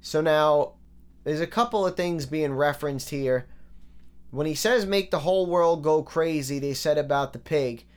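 A man giving a casual, analytical breakdown of rap lyrics, relaxed and full of fillers. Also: on the high side, moderate pace, clean tone.

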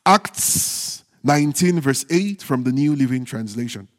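A male pastor preaching a sermon, stressing phrases slowly and dropping into low, quiet teasing asides to the congregation. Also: expressive. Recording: long hall reverb.

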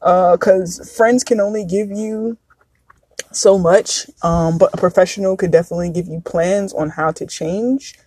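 A woman's voice: on the low side, fairly even intonation, unhurried, dark tone, slightly rough, no room sound. A woman in her thirties hosting a podcast, talking frankly and confessionally in a casual chat that drifts into tangents. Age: 30s. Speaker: podcast host.

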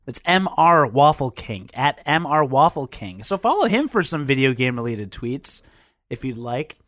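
Joking podcast co-host, dry sound. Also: male voice, mid-range voice, sing-song, normal speed, fairly bright tone, dry recording. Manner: joking, teasing, laughs often. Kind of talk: casual podcast banter.

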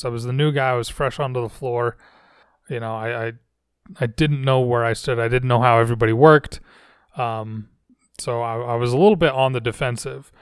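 A man's voice: mid-range voice, clean tone, no room sound, studio quality. A man hosting a podcast, telling personal stories in a rambling, self-reflective way with frequent restarts. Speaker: podcast host. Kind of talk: casual storytelling monologue. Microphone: podcast microphone.

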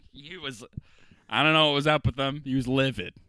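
A young man co-hosting a podcast, telling a party story in casual chat, swearing often and loudly acting out what others said. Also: mid-range voice, normal speed. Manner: animated storyteller, profane, acts out quotes loudly. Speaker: podcast co-host.

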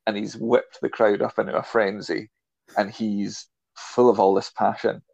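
A man co-hosting a film podcast, speaking in a low, gravelly voice. He chats in a relaxed, keen way. The recording is dry and dull, with a lo-fi sound. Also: moderate pace, dry recording. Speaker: podcast co-host. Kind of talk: casual film discussion.

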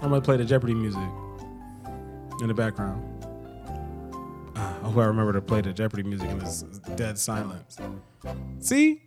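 A man's voice: fairly low pitch, moderate pace, long pauses, over music. A man in his thirties co-hosting a podcast, telling jokes and talking with sarcasm in casual chat. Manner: joking, sarcastic, animated storytelling. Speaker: podcast co-host.

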